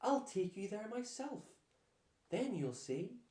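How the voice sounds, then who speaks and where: A man's voice: high voice, sing-song, slow pace, mellow, pitched above the performer's own voice, heavily acted. A man voicing a frightened little girl who stutters in a storybook reading. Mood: eager. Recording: echoey room.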